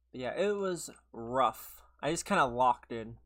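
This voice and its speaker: A young adult game streamer chatting casually with viewers while playing, a little hoarse after being sick, laughing often and greeting people by name. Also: medium pitch, fairly bright tone. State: slightly hoarse from a recent illness. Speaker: gaming livestreamer.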